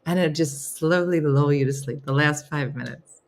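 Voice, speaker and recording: A woman's voice: deep voice, moderate pace, a little mellow. A middle-aged woman hosting a casual live morning chat, laughing often and talking playfully to her viewers. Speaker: host of a live morning show.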